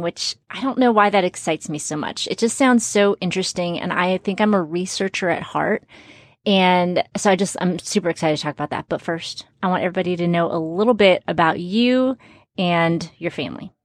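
A woman's voice: on the low side, brisk, dry recording, studio quality. A woman in her forties from Chicago and South Texas, hosting a podcast with friendly, rambling talk and frequent restarts. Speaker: podcast host. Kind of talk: casual podcast interview.

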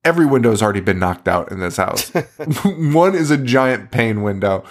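A man's voice: mid-range voice, lively intonation, normal speed. A man hosting a podcast, recapping a movie in casual chat, swearing often and laughing in disbelief. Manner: profane, laughing, incredulous storytelling. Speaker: podcast host.

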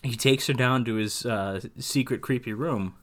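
A man co-hosting a casual film podcast, rambling through his points with frequent laughs and animated asides. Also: medium pitch, moderate pace. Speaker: podcast co-host.

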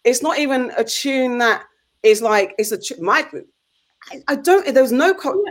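A woman in a casual group chat, impassioned and halting, often restarting her sentences. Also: high-pitched, expressive. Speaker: podcast co-host.

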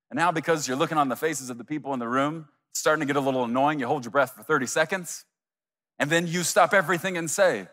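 A man preaching a sermon as pastor, animated, acting out imagined voices of his listeners. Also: a little high, quick pace, long reverb tail.

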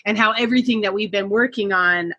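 Bright-voiced woman hosting a podcast. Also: mid-range voice, fast talker, husky, dry recording, dull audio. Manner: effusive, leading questions. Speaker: podcast host and energy healer. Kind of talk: conversational podcast interview.

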